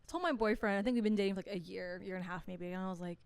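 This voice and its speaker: A woman's voice: mid-range voice, racing, creaky, clear, resonant tone, no echo. A woman co-hosting a podcast, telling a story in casual chat and acting out the people in it. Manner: animated storyteller, acts out quotes. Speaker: podcast co-host.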